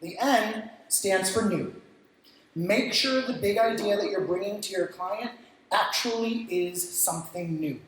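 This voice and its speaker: A man speaking at a creative industry event, giving lively stage lessons and acting out what clients say and think. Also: sits high, unhurried, a little hiss or hum. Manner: energetic, acts out clients' reactions, casual swearing. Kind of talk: stage talk with practical lessons. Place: event stage in a large, echoey venue. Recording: very echoey hall sound.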